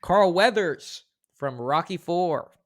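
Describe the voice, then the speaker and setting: An upbeat man running a casual movie quote quiz. His pitch swings widely as he cheers his friend on. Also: animated, slow. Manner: upbeat, encouraging, reads quotes in a loud acted voice. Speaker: quiz host on a pop culture podcast. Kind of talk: casual chat.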